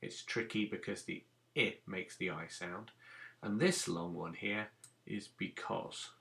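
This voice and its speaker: A man's voice: on the low side, measured pace, gravelly, fairly bright tone. A man teaching a recorded phonics lesson to young children, patiently sounding out letters and giving simple instructions. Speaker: primary school teacher.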